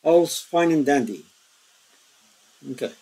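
A man with a slightly higher voice talks through game rules in a relaxed, step-by-step way. His speech is loose and unscripted, with plenty of ums and uhs as he goes, and it turns animated in bursts. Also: takes it slowly, poor audio. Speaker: board game tutorial host. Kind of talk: casual rules explainer.

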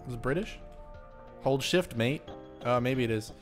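A man's voice: medium pitch, moderate pace, soft background music. A young man giving laid-back let's-play commentary as a streamer, peppered with "dude". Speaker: game streamer.

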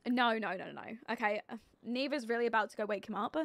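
A woman streaming a life-sim game live, chatting casually and thinking aloud, with sudden excited outbursts. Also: fairly high pitch, quick pace. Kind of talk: live gameplay commentary.

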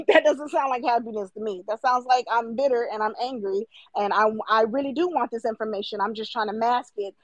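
A woman's voice: a little high, fairly quick, few pauses, dry recording, rough recording. A young woman arguing her point on a live stream, emphatic and mocking, now and then mimicking her critics. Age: 20s. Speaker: livestream guest. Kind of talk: heated debate.

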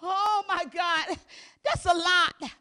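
High bright-voiced woman preaching fervently. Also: fairly even intonation, slow. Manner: fervent, shouting in bursts, then dropping to hushed talk. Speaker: pastor. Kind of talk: sermon.

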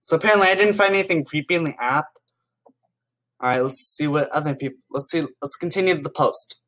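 A YouTuber with a fairly high, slightly bright voice talks quickly while giving casual reaction commentary. He chats with viewers and reads stories aloud, occasionally restarting his sentences.

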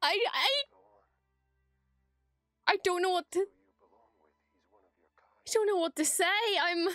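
A woman with a very high voice reacts to a show as a streamer. She is gushing and breathless and swears freely. She often stammers when she is overwhelmed. Her voice is close and dry, with faint music behind it. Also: takes it slowly, fairly bright tone, no room sound. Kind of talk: excited reaction commentary.

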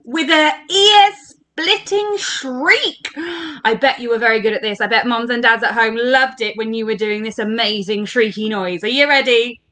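A woman's voice: on the high side, moderate pace, bright, forceful tone. A woman leading an interactive story workshop for children, talking in a playful, encouraging, sing-song way.

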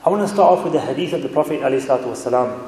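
A man giving a sermon as a guest speaker, telling stories in a chatty, animated way in a mosque hall. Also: medium pitch, very fast. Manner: conversational, animated storytelling with asides. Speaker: guest speaker, religious scholar. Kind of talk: sermon with storytelling. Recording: echoey hall reverb.

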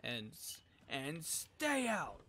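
Young male streamer: crude, joking game commentary, highish voice with lively swings. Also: extremely slow, slight background noise. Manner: crude, profane and rambling, jumping between jokes and muttering. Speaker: streamer playing a video game. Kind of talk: casual gameplay commentary.

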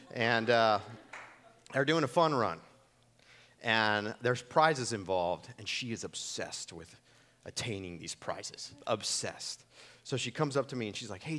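A man's voice: fairly low pitch, a bit bright. Male preacher, casual storyteller, playful, does voices for the people in his anecdotes. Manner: conversational, jokey, acts out voices in his stories. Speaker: pastor. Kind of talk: sermon. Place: church.

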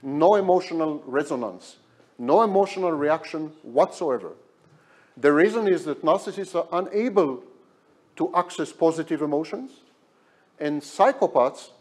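A man's voice: fairly high pitch, a little mellow. A man lecturing at a hospital, emphatic and repeating key words for effect. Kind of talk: academic lecture.

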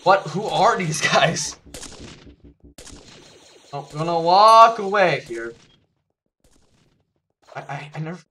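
A man giving live gameplay commentary, excitable, repeating words in bursts and yelping when he gets hit. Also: on the high side, slow pace, long pauses, a little hiss or hum. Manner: yelps and laughs when hit. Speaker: gaming YouTuber.

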